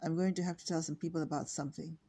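A secretive, suspicious father, terse and guarded, as a reader puts him on. The voice is low and creaky with a husky grain. He speaks in flat, even tones from a storybook. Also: rapid-fire.

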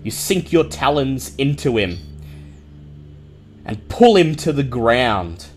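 A man narrating a tabletop game as game master, in a measured, descriptive way. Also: mid-range voice, big pitch swings, faint music behind.

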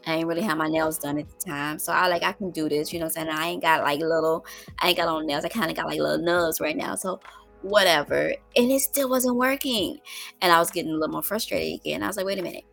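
Animated woman with a gravelly, bright voice. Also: sits low, fast talker, faint music behind. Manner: animated, with loud exclamations and laughs; colloquial, addresses viewers as y'all. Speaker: vlogger. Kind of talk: casual storytelling to viewers.

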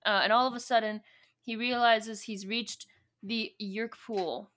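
A woman's voice: a little high, steady tone, a little slow, fairly bright tone. A woman co-hosting a podcast, casually recapping and reading from a book, rambling and joking as she retells scenes. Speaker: podcast co-host.

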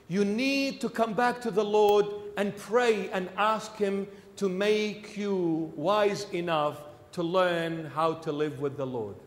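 A man, a bishop, preaching a sermon with emphatic repetition that swings between loud and soft. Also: high voice, reverberant, big-room sound. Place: church.

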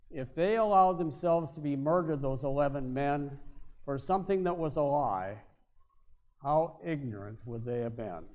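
A male pastor preaching a sermon, with emphatic stresses that drop to quiet, low endings. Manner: emphatic, swings between loud stresses and quiet drops.

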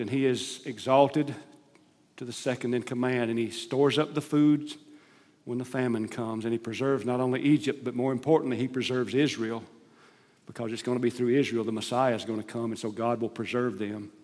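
A man preaching a sermon as pastor, emphatic, rising to loud stressed phrases and dropping to soft asides. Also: mid-range voice, steady tone, fairly quick. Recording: long hall reverb.

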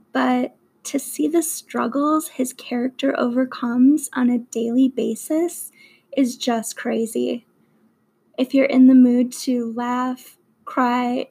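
On a low-quality recording, a young woman with a high-pitched, gravelly voice, dark-toned and slightly rough, reviews her favorite movies. She moves through the list slowly and deliberately, earnest and eager, stressing superlatives.

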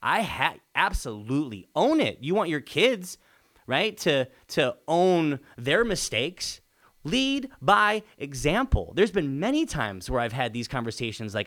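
A man who is a father and hosts a podcast, talking alone with emphatic repetition and stretches of rising, excited urging. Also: unhurried. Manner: earnest, emphatic, repeats key phrases; builds to excited high-pitched urging. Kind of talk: motivational solo podcast talk.

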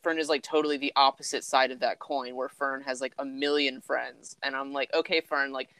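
A young man in relaxed conversation, easygoing and laughing as he tells loose stories. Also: mid-range voice, fairly quick, smooth, no echo, low-quality recording. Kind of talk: casual chat.

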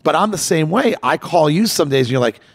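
A man's voice: on the high side, lively intonation, brisk, gravelly. A man co-hosting a podcast in casual chat, earnest and restarting his words when worked up. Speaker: podcast co-host. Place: at home in LA.

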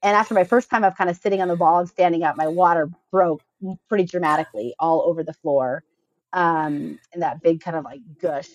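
Donna chiacchierona sulla trentina. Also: female voice, lowish voice, brisk, no room sound, poor audio. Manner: chatty, earnest, frequent "like" fillers. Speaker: podcast guest. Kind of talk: casual personal storytelling.

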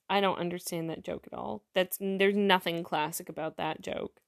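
A woman's voice: lowish voice, fairly even intonation, normal speed, gravelly. A woman casually telling jokes aloud and chatting about each one as she goes. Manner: chatty, reads jokes aloud and comments on them.

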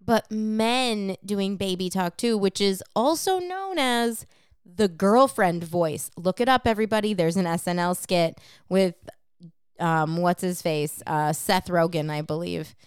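A woman's voice: mid-range voice, a little slow, clear, resonant tone, dry recording, studio quality. A woman co-hosting a podcast in casual chat, frank and profane as she explains things at length. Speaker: podcast co-host.

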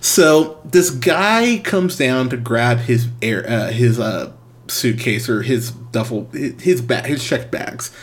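A young man with a mid-range voice, neither high nor low, telling a rambling personal story in a casual way. He sounds animated and exasperated, and he laughs often as he talks. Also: slow.

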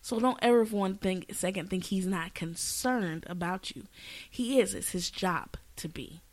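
A woman's voice: mid-range voice, a little slow, no echo. A woman co-hosting a casual faith podcast, speaking earnestly in a preaching tone, with frequent restarts. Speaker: podcast co-host.

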